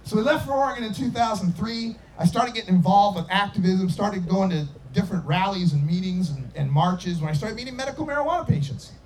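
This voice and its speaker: Animated high-voiced man telling a story. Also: fairly quick, few pauses, a little hiss or hum. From Idaho, USA. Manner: animated, acts out voices and sound effects, laughs often. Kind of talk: casual personal storytelling.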